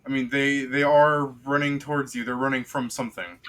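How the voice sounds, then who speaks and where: A man's voice: mid-range voice, little pitch movement, a little fast, a bit bright, a little hiss or hum. A man acting as game master, narrating a tabletop game casually and rambling with lots of fillers.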